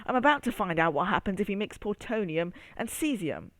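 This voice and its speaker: A storyteller voicing a silly, excitable male strawberry in a children's story. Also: mid-range voice, a little fast, no echo, rough recording. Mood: mischievous.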